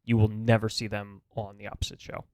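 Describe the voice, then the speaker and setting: A man co-hosting a podcast in laid-back casual chat, pausing often on small fillers. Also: fairly low pitch, monotone, darkish tone, slight background noise. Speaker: podcast co-host.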